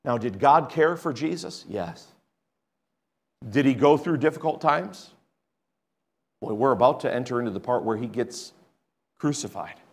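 A man preaching a sermon, reading scripture aloud and swinging between hushed, quiet points and loud, emphatic ones. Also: medium pitch, animated, a little slow, vocal fry, pauses often. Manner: reads scripture aloud in old-fashioned wording.

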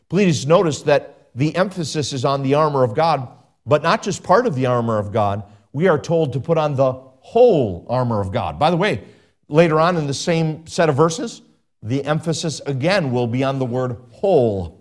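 Male pastor, mid-pitched voice, emphatic sermon delivery with sweeping rises and repetition. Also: lively intonation, moderate pace.

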